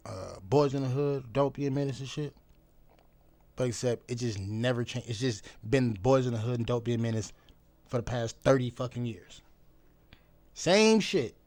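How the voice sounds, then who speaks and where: A man talking bluntly and profanely in a casual vlog monologue. He repeats phrases for emphasis and swings between loud outbursts and low mutters. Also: no room sound. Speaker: vlogger.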